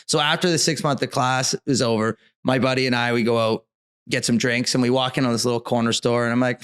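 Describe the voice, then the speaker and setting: A man telling a story as a brewery co-founder guest on a podcast, animated and rambling, filling his speech with "like". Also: mid-range voice, brisk, clean tone. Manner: animated, rambling, frequent "like" fillers. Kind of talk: casual storytelling.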